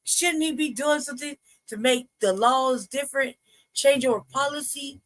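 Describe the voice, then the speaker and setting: A woman's voice: sits high, moderate pace, fairly bright tone. A woman with a Southern US accent, speaking bluntly and casually with some profanity as a co-host. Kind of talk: casual chat.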